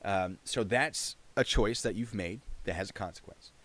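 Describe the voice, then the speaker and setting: A man's voice: fairly low pitch, moderate pace, a bit bright. A man hosting a casual livestream chat, explaining his points and asking rhetorical questions.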